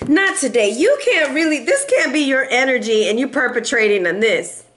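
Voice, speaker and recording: A woman's voice: high voice, animated, moderate pace, fairly bright tone, a little hiss or hum. A woman doing a casual tarot reading in a sassy, playful way, laughing often and teasing her viewers. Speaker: tarot reader.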